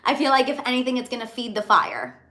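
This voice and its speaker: Bright, high-pitched gossip streamer woman. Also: quick pace. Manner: chatty, animated, repeats phrases. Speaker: livestream host. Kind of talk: excited celebrity gossip livestream.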